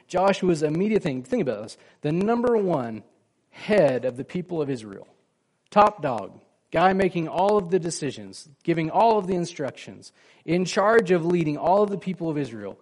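A man preaching a sermon in a relaxed, conversational way, with a voice that sits a bit higher than most men's. He keeps checking in with his listeners and acts out the lines of the people in his story. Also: moderate pace. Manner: conversational, asks the congregation questions, acts out quoted lines. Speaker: pastor.

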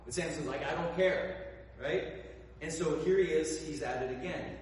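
A man preaching a sermon, telling the story in an animated way and acting out the characters. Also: on the high side, normal speed. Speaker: pastor. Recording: echoey hall, voice from far off.

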